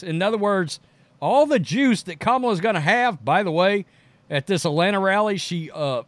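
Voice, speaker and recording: A man's voice: high voice, dry recording. A man from Texas hosting a political commentary show, talking casually with sarcastic, mocking asides.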